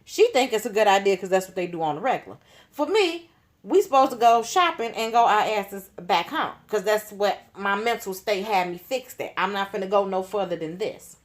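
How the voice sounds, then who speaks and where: A woman's voice: mid-range voice, moderate pace. Slangy woman telling a story. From Chicago. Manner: animated, slangy, leans on "you know what I'm saying". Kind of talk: casual storytime.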